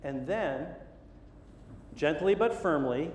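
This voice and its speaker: A man's voice: fairly high pitch, lively intonation, slow, reverberant, in a large hall, slight background noise. A middle-aged man preaching a sermon, telling a story with lots of energy and acting out the voices and sounds. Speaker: pastor. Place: church sanctuary.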